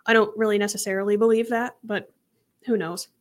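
A woman's voice: mid-range voice, fairly quick. Woman recounting a case casually. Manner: relaxed recounting, some hesitations. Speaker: podcast co-host. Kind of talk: casual true crime discussion.

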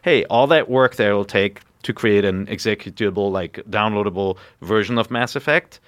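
A man's voice: on the low side, moderate pace, no room sound. A man from Germany hosting a casual gaming podcast, explaining things loosely with frequent "right?" asides. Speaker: podcast host reading listener questions. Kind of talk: casual chat.

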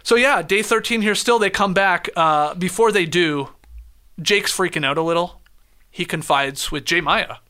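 Bright high-voiced man recapping a show. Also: clean tone. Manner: lays out events in quick order with many "uh" fillers. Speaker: podcast host recapping episodes. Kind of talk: casual recap chat.

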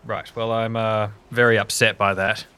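A man playing a tabletop game, talking casually with a hesitant, excitable manner. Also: on the low side, normal speed, smooth. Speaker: player.

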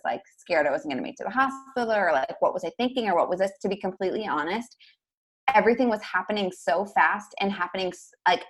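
A young woman recounts a personal story on a podcast in a casual, rambling way. Her voice sits a little low, and she rushes along, stringing thoughts together with constant fillers. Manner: fast, chatty, lots of "like". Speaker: podcast guest.

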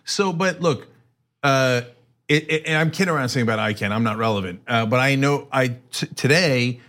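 A middle-aged man co-hosting a casual political chat, animated and acting out quotes. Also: mid-range voice, normal speed. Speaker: co-host.

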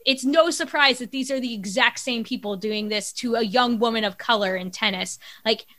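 A woman's voice: on the high side, normal speed, bright, forceful tone. A woman co-hosting a casual sports podcast, blunt and exasperated, swearing freely. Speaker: podcast co-host.

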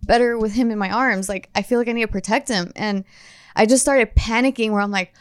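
A young woman casually telling friends an animated story, swearing often as she goes. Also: fairly high pitch, brisk, clear, resonant tone, no room sound. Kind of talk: casual chat.

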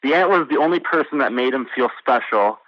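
A man's voice: mid-range voice, animated, fairly quick, no room sound. Hesitant male caller on a dull phone line. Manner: hesitant, thinks aloud with many fillers. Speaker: caller playing a trivia quiz. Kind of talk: casual quiz answers over the phone.

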